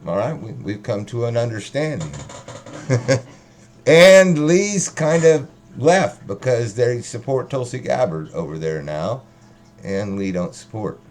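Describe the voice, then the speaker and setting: A man's voice: mid-range voice, lively intonation, a little slow, darkish tone. A man rambling casually and profanely on a livestream, joking as he talks. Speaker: livestream host.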